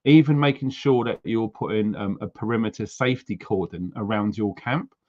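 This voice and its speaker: A man's voice: on the low side, normal speed, a little mellow. A man chatting on a livestream, reading out viewer names and where they are from. He talks loosely, with plenty of ums and little asides. The sound is slightly dull, like lo-fi stream audio. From United Kingdom. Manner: chatty, reads viewer names and places aloud, frequent ums. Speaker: livestream host. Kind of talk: casual livestream chat.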